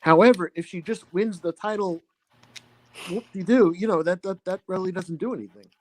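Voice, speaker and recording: A man co-hosting a casual wrestling podcast. His voice is high, and he argues his opinion while softening it with small hedges. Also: normal speed. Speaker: podcast co-host.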